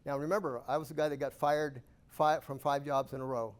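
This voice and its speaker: A man giving a keynote talk to a live audience, telling lively, self-amused stories and asking the room questions. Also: mid-range voice, a little fast. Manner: animated, self-amused anecdotes with rhetorical questions. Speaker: guest speaker at a real estate investor club.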